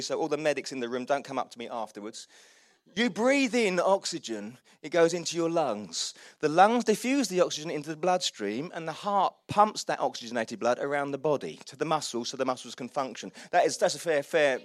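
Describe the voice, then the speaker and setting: A middle-aged man gives a sermon in a chatty, joking tone and pokes fun at himself. His voice sits a little high for a man. The recording is close and dry. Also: no room sound. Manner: chatty and self-mocking, with frequent laughs and restarts. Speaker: pastor. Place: church hall.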